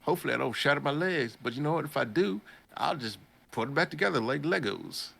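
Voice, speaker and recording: A man's voice: on the high side, expressive, quick pace, gravelly, a bit bright, breathy edge, voice pushed up, full character voice. A man voicing a naive young male healer summoned to another world, chirpy and talking to himself. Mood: cheerful.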